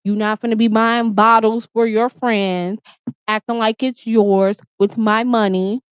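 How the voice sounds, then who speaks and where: A woman with a slightly high voice vents through a heated, profane story, circling back and repeating herself as her irritation builds. The sound is muffled and dull, with a close, dead-dry room around her. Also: flat delivery, measured pace, clean tone, no room sound. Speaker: vlogger. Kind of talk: casual storytime rant.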